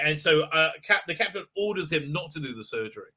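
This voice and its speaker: A man with a bright, sharp, fairly high voice talks into a desk microphone, recapping a show for a live stream. He is heated and indignant, and he trips over himself with restarts as he goes. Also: expressive, a little fast, hardly any pauses. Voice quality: frequent filler sounds and restarts, heated, indignant. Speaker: show host.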